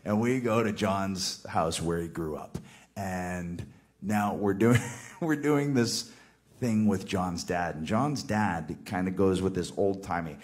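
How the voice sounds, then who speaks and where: A man with a fairly low voice recounts an anecdote in a relaxed, conversational way. He laughs often and slips into quoted voices as he tells it. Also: slow pace. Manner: animated, laughing storyteller acting out quotes. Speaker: guest telling a story. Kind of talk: casual anecdote.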